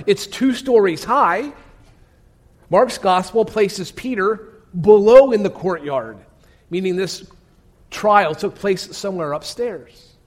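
A pastor with a high-pitched voice preaches a sermon, telling the story dramatically. He often drops to a hush and puts direct questions to his listeners.

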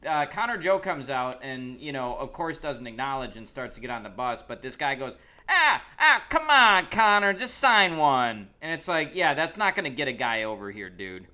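A man's voice: medium pitch, animated, fairly quick, hardly any pauses, sharp tone. A man co-hosting a podcast, chatting casually and mostly answering with short agreeing replies. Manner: short agreeing responses, easygoing. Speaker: podcast co-host. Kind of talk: casual chat.

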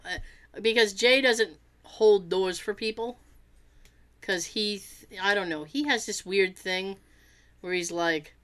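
A woman telling a funny story in casual chat, animated and acting out the quoted lines, laughing often. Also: medium pitch, unhurried.

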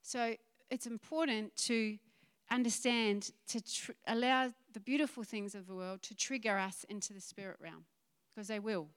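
A woman giving a chatty, lively sermon, laughing and acting out quoted voices. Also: medium pitch, normal speed, smooth. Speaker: pastor.

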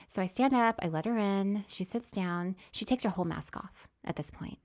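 A woman in casual conversation telling a personal story. She acts out her own thoughts, going from hushed whispers to sudden loud exclamations. Her voice sits at a medium pitch. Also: moderate pace, hardly any pauses. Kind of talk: casual chat.

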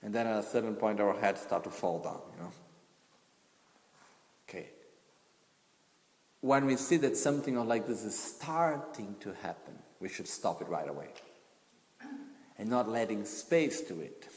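A man's voice: on the low side, animated, unhurried, long pauses, darkish tone. A man giving a Buddhist teaching in a conversational way, with frequent asides and acted-out quotes. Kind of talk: commentary teaching on a Buddhist text. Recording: echoey room with long reverb.

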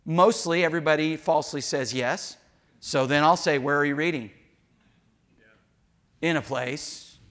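A pastor man delivers a sermon in a church, his voice bright and lifted slightly above the usual male range. He talks candidly to his people and breaks into humorous asides, acting out little snatches of dialogue along the way. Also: a little high, a little fast. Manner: candid, joking asides with acted-out quotes.

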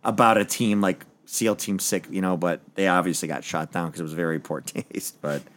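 A man's voice: sits low, steady tone, normal speed, a bit bright. A man hosting a podcast in casual chat, telling stories in a chatty, rambling way. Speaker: podcast host.

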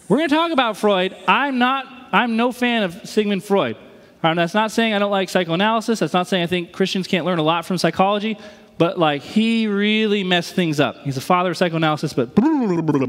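A man's voice: high-pitched, a bit bright, long reverb tail. A man preaching a sermon in a casual, joking way, with sudden emphatic bursts. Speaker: pastor.

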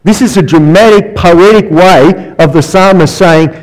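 A man's voice: sits high, unhurried, hardly any pauses, low-quality recording. A man preaching as a guest speaker and counsellor, telling stories with asides and rhetorical questions. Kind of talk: sermon.

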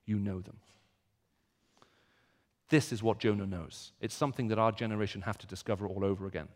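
A man preaching a sermon, moving from quiet reflection to loud, emphatic repetition. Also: lowish voice, steady tone, a little fast, long reverb tail.

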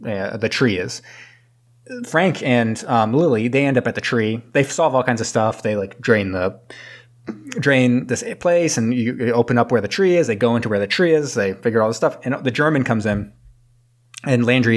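Rambling man retelling a movie plot. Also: fairly low pitch. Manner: rambling, acts out characters in quick funny voices. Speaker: podcast host recapping a movie. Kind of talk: casual movie recap chat.

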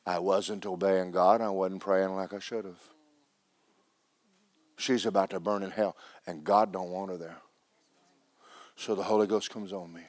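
A low-voiced preacher delivers his sermon with loud, emphatic force, then sinks into a hushed, almost whispered intensity. The man's voice is captured dry and close, with no room sound around it. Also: steady tone, a little slow, long pauses, dry recording.

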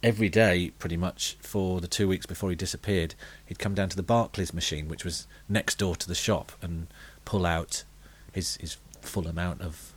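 A British man with a fairly low voice spins deadpan, meandering stories in a comedy podcast chat. He stops and restarts often, stacking fillers as he goes. He sounds middle-aged. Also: moderate pace, hardly any pauses, husky. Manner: deadpan, rambling anecdotes with many fillers. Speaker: podcast co-host telling comic stories.

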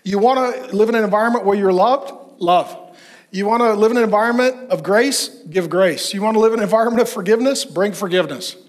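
Emphatic high-voiced male preacher. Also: fast talker. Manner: emphatic, rhetorical questions, lists. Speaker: pastor. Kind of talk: sermon to men.

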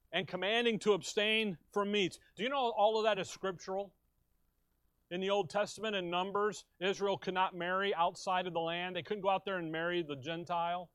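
Middle-aged male pastor, emphatic preaching with rhetorical questions, slightly high voice. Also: a bit bright, clean tone, no room sound. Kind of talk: expository sermon. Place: church.

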